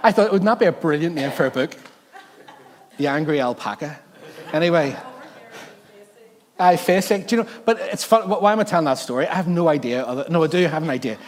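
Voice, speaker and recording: A man preaching a sermon, telling funny stories in an animated, jokey way and interrupting himself often. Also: on the high side, brisk, pauses often, long reverb tail. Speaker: pastor. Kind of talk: sermon with humorous storytelling.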